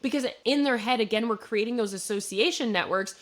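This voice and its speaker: A young woman from Wisconsin with a Midwestern accent, hosting a business podcast and explaining marketing in a relaxed, conversational way with plenty of fillers. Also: a little high, a little fast. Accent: Midwestern American. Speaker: podcast host, marketing coach. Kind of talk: solo business podcast commentary.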